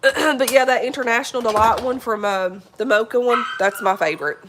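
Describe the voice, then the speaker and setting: A woman's voice: on the high side, brisk, noisy background. A woman, sick with covid, chatting casually from home and breaking off to talk to her dog. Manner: chatty, rambling, talks to her dog between thoughts. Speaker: vlogger. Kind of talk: casual morning live chat.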